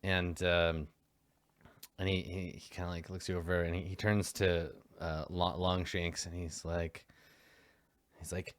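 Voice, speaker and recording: A man's voice: sits low, flat delivery, a little slow, no echo. A man narrating as game master in a casual, rambling way, full of fillers.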